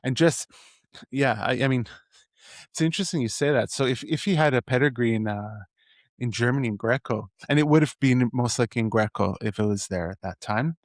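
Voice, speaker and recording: A man's voice: medium pitch, a little fast, no room sound, clean studio sound. Rambling, enthusiastic man from Edmonton. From Edmonton, Canada. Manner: rambling, enthusiastic, many restarts. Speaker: podcast host. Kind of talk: casual interview.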